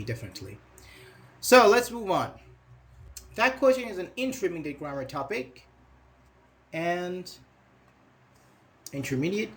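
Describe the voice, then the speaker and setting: A man teaching a live online English grammar lesson, chatting with students and reading their comments aloud with quick praise. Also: on the high side, fairly bright tone.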